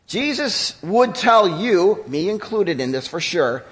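Male pastor, conversational sermon delivery; high, very animated pitch. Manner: conversational, candid preaching with emphatic pauses.

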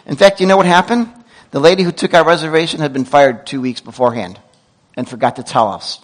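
Preaching from the pulpit, this middle-aged man weaves stories with animated side comments and fast corrections of himself. The pitch is slightly high, captured on a rough recording.

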